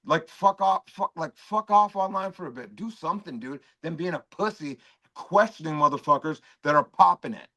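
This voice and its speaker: A man's voice: a little high, expressive, normal speed, sharp tone. A man arguing heatedly on a livestream, aggressive and profane, mocking the other speaker. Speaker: stream guest. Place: home.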